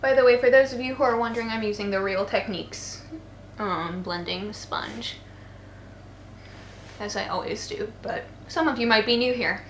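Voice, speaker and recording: A young woman in her twenties, tired from sleeping badly, chats playfully through a casual makeup tutorial, dropping in jokes as she goes. Her voice is a little high and a bit bright, at a moderate pace. The recording has a roomy echo and faint noise, with people's voices faint in the background outside.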